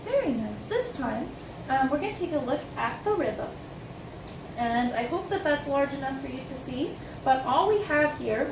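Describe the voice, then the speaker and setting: High-voiced music teacher in a roomy classroom. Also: female voice, background noise. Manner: gentle, encouraging, breaks into singing and solfege. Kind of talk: recorded music lesson for children. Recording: roomy echo, far from mic, piano music.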